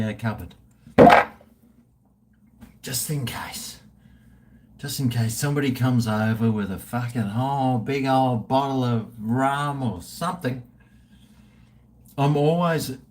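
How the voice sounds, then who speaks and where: Tipsy Australian bloke hosting a live stream, slow and loose, swears freely while he chats. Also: medium pitch, a little mellow, a little hiss or hum. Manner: rambling and profane, reading out viewer chat. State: tipsy from drinking. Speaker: livestream host. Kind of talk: casual live-stream chat.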